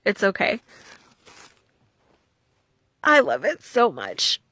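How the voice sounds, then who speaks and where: A young woman vlogging about crafts and a gift package, gushing with excitement and dropping from soft whispers to squeals. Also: mid-range voice, drawn-out words. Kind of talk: casual vlog, showing crafts.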